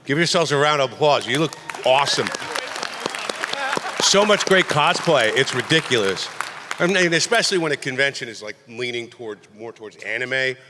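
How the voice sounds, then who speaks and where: A middle-aged man answering questions at a convention panel, animated and joking, rambling loosely with plenty of asides. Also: medium pitch, normal speed, some chatter behind. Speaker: voice actor panel guest. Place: large convention panel hall. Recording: echoey convention hall.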